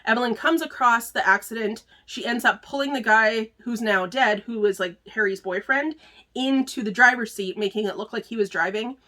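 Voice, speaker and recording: A woman's voice: a little high, normal speed, pushed and bright. A woman hosting a book club video, chatting casually through a book review with plenty of filler words and easy laughter.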